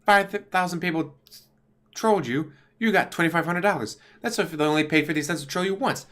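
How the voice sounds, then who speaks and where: A man giving a casual, exasperated commentary rant to camera on his channel, talking with big swings in pitch. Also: fast talker, fairly bright tone. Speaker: YouTube commentator. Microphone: desk USB microphone.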